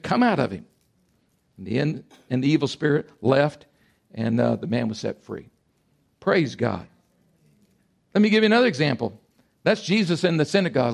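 A man in his sixties preaching a sermon, emphatic and animated, swinging between loud bursts and quiet asides. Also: a little high, creaky. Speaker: pastor.

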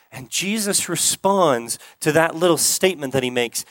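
A man preaching a sermon as pastor, earnest, repeating key phrases and slowing down for emphasis. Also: a little high, lively intonation, fairly bright tone, no room sound.

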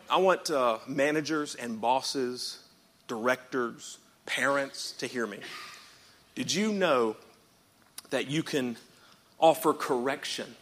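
A man pastor preaching a sermon in church, swinging from quiet reading up to shouted, rhythmic repeated phrases and calling out to the congregation. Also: mid-range voice. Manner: calls out to the congregation.

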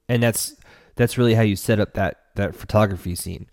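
A man's voice: fairly low pitch, fairly quick, darkish tone, no echo, studio quality. A man hosting a relationship podcast, giving earnest, casual advice straight to the listener.

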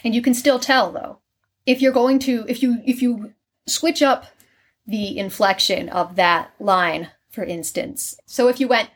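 A woman's voice: a little high, a little slow. A woman who acts Shakespeare, talking casually and explaining her craft with many fillers. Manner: chatty, animated, many fillers. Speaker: Shakespeare actor, guest. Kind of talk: casual conversation.

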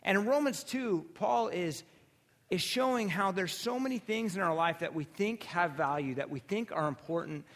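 A man preaching a sermon as pastor, telling stories casually with restarts and animated asides. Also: high voice, normal speed. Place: church sanctuary.

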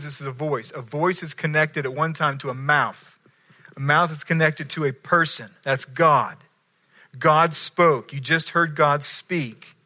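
A middle-aged pastor, his voice on the high side, preaches a sermon full of stories. He acts out animated voices and swings from loud to hushed.

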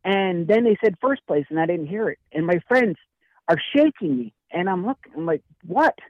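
A man and author telling a story in casual chat, acting out the lines of the people in it with lively energy. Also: high-pitched, moderate pace, dry recording, highs cut off. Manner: animated, acts out dialogue in story. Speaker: guest speaker and author.

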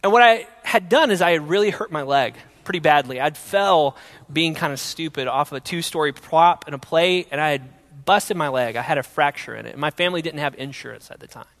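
A man's voice: a little high, brisk. Young man giving a testimony in a hall. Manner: earnest storytelling, swings from loud to hushed. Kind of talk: personal faith testimony.

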